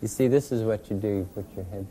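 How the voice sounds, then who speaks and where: A man hosting a children's show, talking gently and slowly with curious, hesitant questions. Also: lowish voice, a little hiss or hum. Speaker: children's television host.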